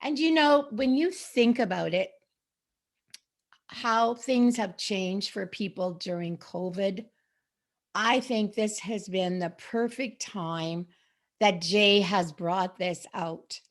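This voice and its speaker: A middle-aged woman talks casually to camera as a sales associate. Her speech is chatty and rambling, full of restarts and asides. Her voice sits at an ordinary middle pitch. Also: takes it slowly. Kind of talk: casual product talk to camera.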